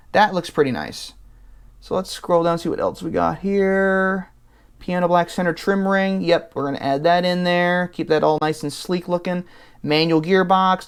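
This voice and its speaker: Casting: male host, smooth clear voice, relaxed think-aloud voice-over. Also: high-pitched. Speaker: channel host. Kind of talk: casual voice-over walking through an online car configurator.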